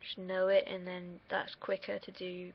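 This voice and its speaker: Gravelly woman rambling to camera. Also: fairly low pitch, monotone, unhurried, a little hiss or hum. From United Kingdom. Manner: rambling, self-deprecating, swears freely. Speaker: vlogger. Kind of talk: casual rambling monologue. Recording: dull lo-fi recording.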